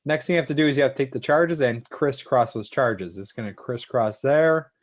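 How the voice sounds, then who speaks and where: A man's voice: medium pitch, brisk. A man teaching a chemistry lesson to an online class, talking casually and thanking students by name.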